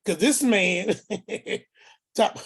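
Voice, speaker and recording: A man's voice: high voice, drawn-out words, gravelly, slightly rough. A man telling a family story as the uncle in it, acting out each person's words and repeating phrases for emphasis. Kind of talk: storytelling talk.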